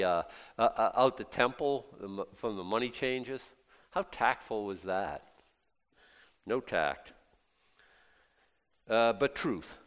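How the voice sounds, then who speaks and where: A middle-aged male pastor preaching a sermon in a chatty way, dropping to quiet asides and rising to loud emphatic bursts. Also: fairly low pitch. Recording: long hall reverb.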